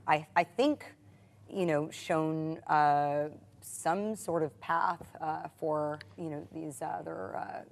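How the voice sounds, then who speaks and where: An actress on a cast panel, talking thoughtfully and haltingly with many fillers. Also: female voice, low voice, steady tone, vocal fry. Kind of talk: reflective casual talk.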